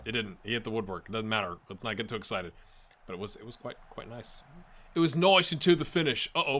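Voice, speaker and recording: A man's mid-range voice carries this football management let's-play, where he becomes excited and keeps talking to the virtual players on his team.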